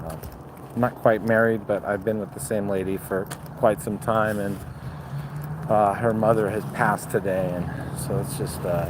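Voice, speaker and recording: A man's voice: on the low side, little pitch movement, moderate pace. Casual man walking dogs on a busy street. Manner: casual, swears freely, chatty, talks to dogs. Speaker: dog breeder vlogger. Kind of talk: casual livestream chat while dog walking. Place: outdoors on a city street. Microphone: phone held while walking. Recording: outdoor street noise, traffic. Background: traffic and street noise.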